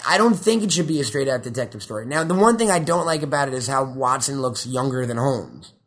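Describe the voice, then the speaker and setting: A young man chatting casually about films, excitable and rambling, swearing often. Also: medium pitch, quick pace. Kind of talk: casual chat.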